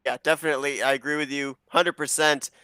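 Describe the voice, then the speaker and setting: Male play-by-play caller, bright and crisp, upbeat broadcaster polish. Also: fairly high pitch, steady tone, fast, no echo. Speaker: race commentator. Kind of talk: play-by-play commentary.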